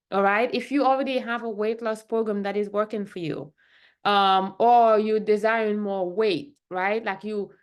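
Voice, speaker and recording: A woman who is a functional medicine doctor, talking casually to the camera in a chatty way and often checking in with "right?" and "okay?". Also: medium pitch.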